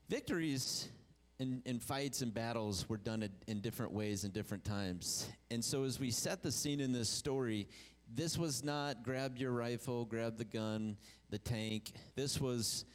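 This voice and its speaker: A male pastor preaching a sermon, reading scripture aloud and lifting his pitch on key phrases. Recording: long church reverb.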